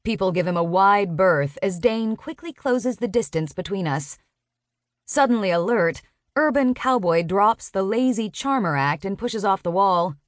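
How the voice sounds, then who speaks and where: A woman narrating a first-person romance audiobook in an expressive, sharp-tongued storytelling manner. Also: mid-range voice, a little slow, no room sound, studio quality.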